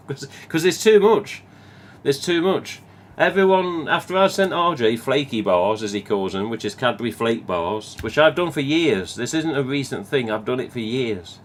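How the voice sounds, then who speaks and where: A man's voice: mid-range voice, measured pace. A man with an English Midlands accent hosting a live stream, chatting casually and reading viewer comments, rambling and swearing now and then. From England.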